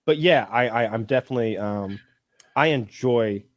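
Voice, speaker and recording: A man co-hosting a casual podcast, rambling and halting with lots of ums and restarts. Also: mid-range voice, no echo, clean studio sound. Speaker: podcast co-host.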